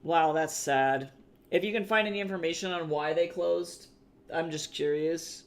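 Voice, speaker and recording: A man's voice: on the high side, normal speed. An American man streaming, chatting casually with viewers and swearing freely as he reacts to the chat. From United States.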